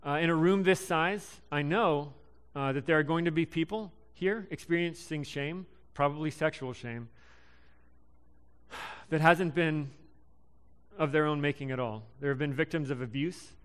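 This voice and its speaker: A young man in his twenties giving a casual sermon, halting and full of ums and restarts. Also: fairly high pitch, a bit bright, clean tone. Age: young adult. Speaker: preacher.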